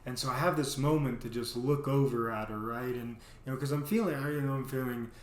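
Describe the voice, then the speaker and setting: A man's voice: medium pitch, fairly even intonation, brisk. A man telling a casual story to his vlog audience, rambling with lots of filler words. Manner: rambling, heavy on "you know" fillers. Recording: roomy echo.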